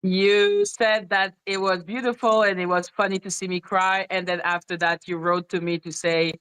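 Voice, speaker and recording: A woman hosting a live online show, asking questions in a relaxed, drawn-out way. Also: on the low side, clean tone, dry recording, low-quality recording. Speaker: host. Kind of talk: casual live-stream interview.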